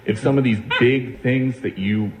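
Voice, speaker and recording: A man's voice: medium pitch, a little slow, reverberant, a little hiss or hum. A man questioning as a reporter at a press event, pointed and persistent.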